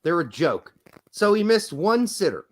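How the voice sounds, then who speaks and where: A man's voice: high-pitched, sing-song, measured pace. A man co-hosting a casual soccer podcast, talking bluntly and swearing as he rants. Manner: blunt, profane and ranting. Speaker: podcast co-host.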